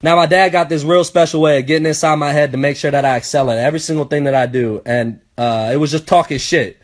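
Comic storyteller, man, higher voice, chatty and profane, frequent asides to the audience. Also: steady tone, fast. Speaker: comedian.

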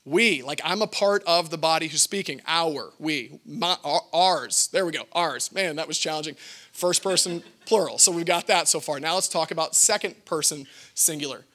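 Man, pastor, high voice, playful, joking sermon. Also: moderate pace. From Texas. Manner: playful, lively teaching with jokes.

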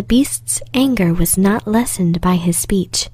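Soft-spoken woman reading a fairy tale. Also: medium pitch, slow pace, hardly any pauses, breathy edge, no room sound. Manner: very soft, partly whispered. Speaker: storyteller. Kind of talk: soft storybook narration.

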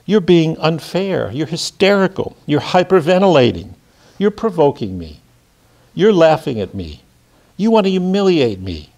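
A man's voice: on the high side, very animated, moderate pace, a little mellow, voice pushed up. A man reading as a sinister, insistent seducer.

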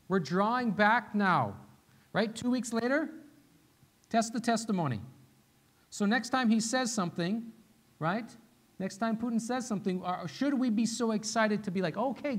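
A male pastor with a fairly high voice delivers a sermon in a relaxed, conversational style. He repeats his key phrases and keeps asking his listeners "right?" as he goes. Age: young adult to middle-aged, father of a little one. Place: church sanctuary.

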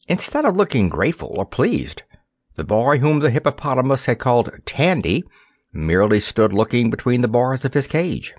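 A man reading a children's fantasy audiobook aloud in an expressive storytelling manner. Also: on the low side, normal speed, no echo, studio quality. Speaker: narrator. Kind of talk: audiobook narration.

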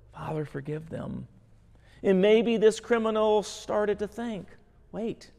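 A man's voice: sits high, creaky, a little mellow. A male pastor preaching a sermon in an earnest, emphatic way. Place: church sanctuary. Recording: long church hall reverb.

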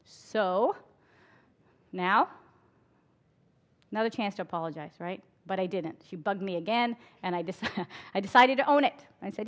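A woman's voice: medium pitch, measured pace, long pauses. A middle-aged woman, an emergency physician, giving a candid conference talk full of stories and laughing at her own stories. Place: conference hall before an audience.

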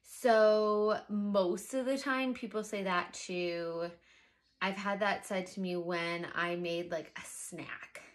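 A young pregnant woman chatting casually to camera as a vlogger, animated and exasperated in her asides. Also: medium pitch, slow pace.

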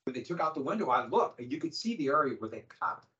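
A man's voice: mid-range voice, big pitch swings, quick pace, sharp tone, slight background noise. A middle-aged man teaching a class in a conversational lecture style, with wry sarcastic asides. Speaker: high school history teacher. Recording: dull lo-fi classroom recording.

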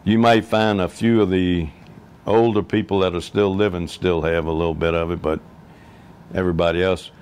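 A man talks plainly in an interview, with an occasional pause. His voice sits very low. It is smooth and resonant. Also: fairly even intonation, darkish tone. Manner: plainspoken, halting. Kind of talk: casual conversation.

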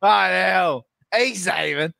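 A man's voice: high voice, slow, creaky, bright, forceful tone, dry recording, clean studio sound. A man co-hosting a let's play, teasing his partner and swearing while he laughs. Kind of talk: casual gaming chat.

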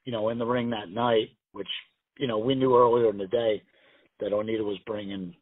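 A man's voice: lowish voice, steady tone, fairly quick, no room sound. A man guesting on a call-in interview, telling rambling, profane stories full of acted-out quotes. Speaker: guest pro wrestler. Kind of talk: casual storytelling interview. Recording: tinny phone line, dry.

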